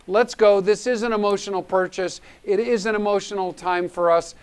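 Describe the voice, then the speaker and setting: A man's voice: sits high, steady tone, moderate pace, smooth. A man hosting a live charity auction, upbeat and urging people to bid. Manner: upbeat, pushes for bids. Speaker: gala auction host.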